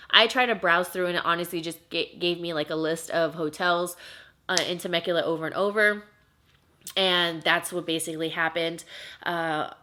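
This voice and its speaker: A woman's voice: on the low side, sharp tone. A young woman talks straight to her viewers in a casual storytime vlog, recounting a paranormal experience. She is chatty and emotional, with plenty of filler words. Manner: chatty, emotional, heavy use of "like". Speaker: vlogger.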